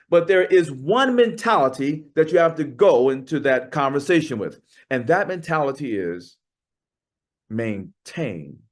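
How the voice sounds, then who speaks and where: A man giving a keynote talk, telling a story with dramatic pauses and acting out the dialogue. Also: a little high. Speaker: keynote speaker.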